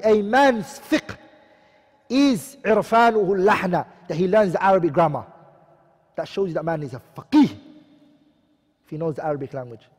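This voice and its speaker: A man teaching an Islamic lecture, earnest and exhorting. He recites Arabic quotations quickly and then translates them slowly, and he often asks questions and answers them himself. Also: sits high, a little mellow, long reverb tail. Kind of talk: religious lecture.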